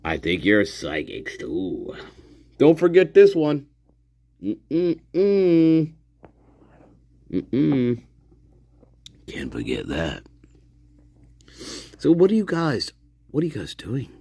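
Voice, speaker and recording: A man's voice: fairly high pitch, sing-song, slow, pauses often, mellow, no room sound. A man hosting a casual livestream, sarcastic and profane, laughing often as he mocks. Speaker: livestream host.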